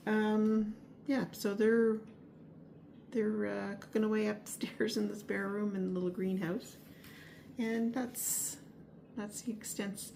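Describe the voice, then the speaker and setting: A woman's voice: medium pitch, darkish tone. Chatty woman vlogging her garden, lots of ums and restarts, bit of hiss behind her. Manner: rambling, hesitant, many fillers and restarts. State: a little out of breath. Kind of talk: casual weekly garden update. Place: home, upstairs spare room.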